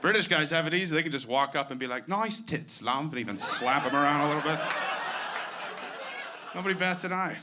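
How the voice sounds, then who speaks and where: A man doing a stand-up set on a comedy stage, self-deprecating and profane, telling his stories in an animated way. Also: fairly high pitch, fast, long pauses. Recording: live set with clear background noise.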